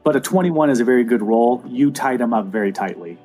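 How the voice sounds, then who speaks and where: A man's voice: mid-range voice, lively intonation, fast talker, warm tone, soft background music. A man acting as dungeon master, patiently explaining the rules step by step. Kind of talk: running a tabletop game.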